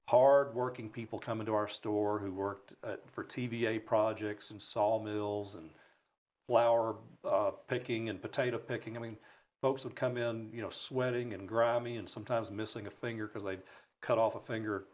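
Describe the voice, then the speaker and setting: Guest spot: man from Alabama, lowish voice, animated self-mocking storyteller in a studio. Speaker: broadcaster guest. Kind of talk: storytelling in a talk show interview. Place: radio studio.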